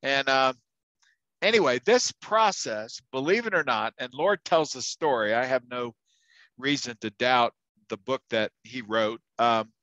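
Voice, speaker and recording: A man of medium pitch and slightly bright tone tells anecdotes while teaching a university class, chatting casually with lots of fillers and restarts. The recording is dry with no room sound, and the audio quality is poor.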